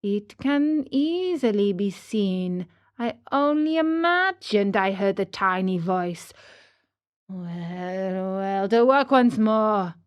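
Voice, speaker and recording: A woman voicing an old male carpenter who talks slowly and fearfully. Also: mid-range voice, highs cut off. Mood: nervous. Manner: stuttering, slow and fearful.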